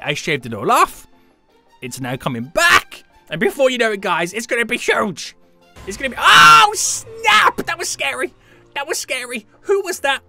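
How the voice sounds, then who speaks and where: A young man live-streaming a game, chatting with viewers in a hyped, jokey, animated way. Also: very high voice. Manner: hyped, jokey, animated, greets chat members.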